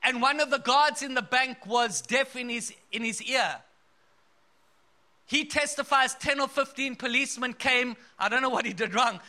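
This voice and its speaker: A man from South Africa delivering an emphatic sermon, telling stories with bursts of laughter. His voice sits very high for a man, with a sharp, bright edge. He builds his points in a rousing preaching style.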